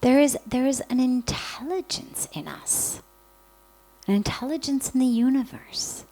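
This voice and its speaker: A woman spiritual teacher giving a calm, reflective spiritual talk, speaking gently with many pauses. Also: high voice, rough recording.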